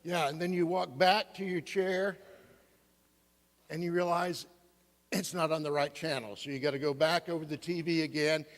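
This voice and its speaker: A man's voice: a little high, steady tone, normal speed. A middle-aged male pastor giving a playful sermon and quizzing the congregation. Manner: playful, asks the congregation questions. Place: church sanctuary. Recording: long reverb of a church hall.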